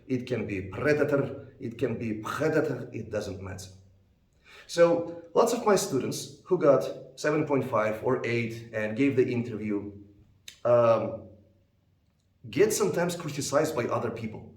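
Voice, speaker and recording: Male English tutor, mid pitch, patient explainer, roomy echo. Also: animated, a little slow. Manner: plain, patient explaining with repeated example words. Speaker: English test teacher. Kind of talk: explanatory lesson.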